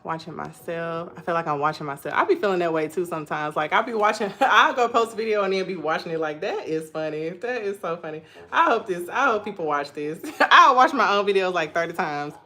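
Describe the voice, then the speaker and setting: A young woman hosting a casual live stream. She reads viewers' comments aloud and tells stories in an animated way, laughing often. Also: on the low side, quick pace, few pauses.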